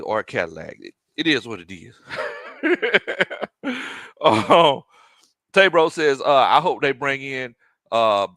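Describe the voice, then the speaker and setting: A man hosting a casual sports live stream, reading viewer comments aloud, animated and laughing often. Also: medium pitch, no echo. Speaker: sports show host.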